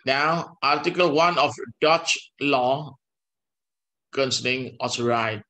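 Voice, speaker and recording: Slow halting older man lecturing. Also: medium pitch, bright, forceful tone. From Indonesia. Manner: slow and halting, with pauses and restarts; mixes in Dutch legal text. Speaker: law professor. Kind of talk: university lecture.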